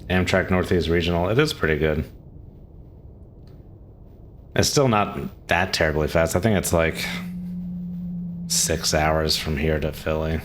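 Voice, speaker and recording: A male game streamer with a very deep voice talks at a normal speed amid background noise. Relaxed and chatty, he reads and answers questions from chat during casual live-stream commentary, chuckling often.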